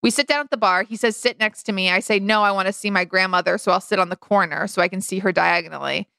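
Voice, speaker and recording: Female podcast co-host, bright gravelly storyteller, does voices for quotes, dry close sound. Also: fast, no echo. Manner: chatty, acts out quoted lines with big pitch jumps. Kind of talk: casual storytelling chat.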